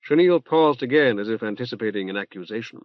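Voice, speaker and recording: A man reading an audiobook in a plain, measured narration style. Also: mid-range voice, animated, dry recording. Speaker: audiobook reader. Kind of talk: scripted narration. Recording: dull dry tape transfer.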